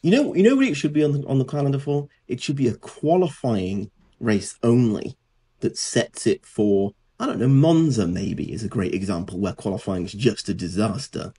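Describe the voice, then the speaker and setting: A man's voice: mid-range voice, animated, moderate pace, mellow, slightly rough. A man, co-hosting a podcast in casual, sarcastic chat. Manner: dry, sarcastic, mocking impressions. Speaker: podcast co-host.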